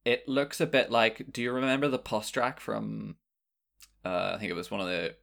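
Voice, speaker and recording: A man running a tabletop role-playing game, narrating the scene in an unhurried way with plenty of fillers. His voice is fairly low, with a gravelly, creaky texture. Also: a bit bright. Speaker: game master.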